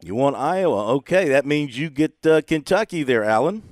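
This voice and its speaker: A man's voice: a little high, lively intonation, moderate pace, no room sound. Guy hosting sports radio, jokey and easygoing, dry close studio sound. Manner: jovial, laughs often while reading spreads. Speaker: radio sports show host. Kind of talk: casual radio chat.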